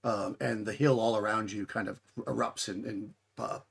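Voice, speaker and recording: Low gravelly guy running a tabletop game, kinda husky, rambles and restarts a lot. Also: steady tone, moderate pace. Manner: rambling, many restarts and fillers. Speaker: game master.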